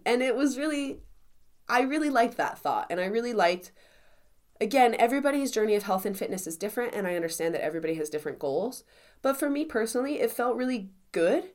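A young adult woman hosting a casual solo podcast as a confidence coach, chatty and encouraging, with lots of "like" fillers. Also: medium pitch.

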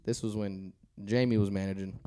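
A man telling a casual story on a podcast, animated and laughing as he goes. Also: on the low side, brisk, slight background noise. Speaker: guest on a podcast.

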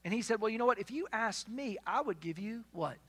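A pastor preaching a sermon in a conversational way, asking the listeners questions and retelling scripture as lively dialogue. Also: mid-range voice, a little fast, husky. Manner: conversational, asks the congregation questions.

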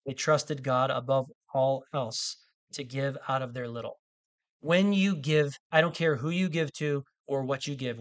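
A man's voice: a little high, a bit bright. Conversational man preaching a sermon. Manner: conversational, many restarts and asides. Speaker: pastor.

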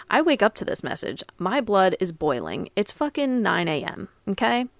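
A woman's voice: medium pitch, very animated, measured pace, dry recording. Blunt, profane young woman podcaster. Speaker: podcast host. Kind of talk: casual storytelling monologue.

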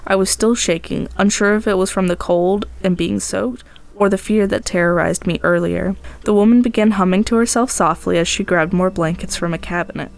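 A woman's voice: mid-range voice, fairly even intonation, a little fast, gravelly. A woman podcast host narrating a tense first-person tale in a dramatic storytelling manner.

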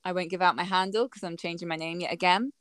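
A woman's voice: on the low side, steady tone, fast talker, fairly bright tone. A woman co-hosting a casual podcast, laid-back and laughing, with some casual swearing. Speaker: podcast co-host. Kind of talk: casual chat.

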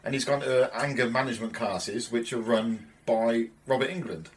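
A man's voice: medium pitch, steady tone, moderate pace, slight background noise. A man co-hosting a podcast, chatting casually and enthusiastically, swearing freely as he rambles through retellings. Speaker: podcast co-host. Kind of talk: casual chat.

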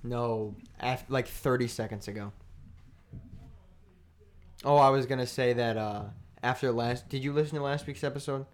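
A man's voice: mid-range voice, steady tone, normal speed, pauses often. A man co-hosting a podcast in casual chat, telling a rambling, joking story. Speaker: podcast co-host.

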